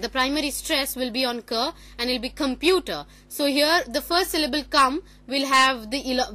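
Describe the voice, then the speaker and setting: A woman's voice: high voice, sharp tone. A woman giving a classroom presentation on phonetics, explaining step by step and correcting herself as she goes. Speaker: student presenter.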